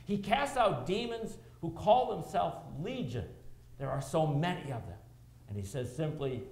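A middle-aged male pastor preaching from the pulpit in an animated way, leaning on rhetorical questions and dramatic pauses. His mid-pitched voice carries through a roomy church with audible echo. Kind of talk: sermon. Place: church sanctuary.

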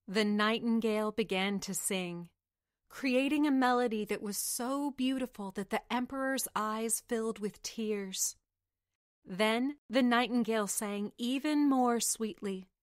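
A woman reads a fairy tale aloud in a gentle, measured storybook manner. She takes her time, never rushing. The recording is dry and close, with no room in it. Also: fairly high pitch, no room sound. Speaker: audiobook narrator. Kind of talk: storybook narration.

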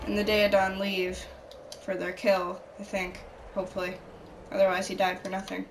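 A young woman narrating her own video game in a mock nature-documentary style, slipping between hushed narration and casual reactions. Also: medium pitch, monotone, moderate pace. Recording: roomy, distant mic under loud game music.

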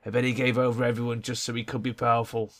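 A man's voice: mid-range voice, level tone, quick pace, a bit bright, natural voice. A man voicing a nervous runaway gang member from a video game, talking in an anxious, rambling way. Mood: worried. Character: nervous young male gang member in hiding.

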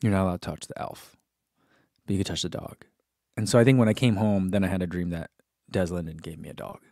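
A man's voice: deep voice, steady tone, quick pace, a little mellow, dry recording, studio quality. Chatty man hosting a live stream. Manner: chatty, rambling, with fillers and laughs. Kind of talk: casual live-stream chat reading viewer comments.

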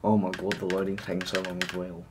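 A man's voice: low-pitched, completely flat delivery, quick pace, background noise. A man giving gameplay commentary while he plays, swearing constantly and ranting in frustration. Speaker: gamer. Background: game music and sound effects.

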